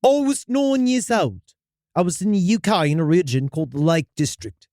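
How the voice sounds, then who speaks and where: Man doing an English-accented storyteller, high and dry, earnest and dramatic. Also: lively intonation, moderate pace, warm tone, no room sound. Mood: spooky storytelling. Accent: put-on English accent. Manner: storyteller, slipping into dramatic outbursts. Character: man telling a childhood Mothman sighting. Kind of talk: reading a listener story aloud.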